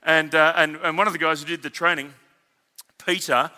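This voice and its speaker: A man with an Australian accent preaching a sermon as senior pastor, telling stories in an animated, emphatic and conversational way. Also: a little high, normal speed, big-room sound. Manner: animated storytelling, emphatic, conversational asides to the congregation.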